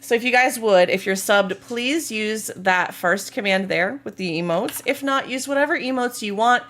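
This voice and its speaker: A woman's voice: on the high side, moderate pace, a bit bright. A woman game streamer in casual live-stream chat, bubbly and playful as she talks to her viewers.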